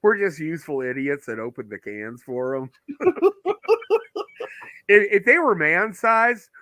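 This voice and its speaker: Bright-voiced laughing man, slow casual talk. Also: a little high, sing-song, no echo, clean studio sound. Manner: laughs often, crude joking. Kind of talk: casual group chat.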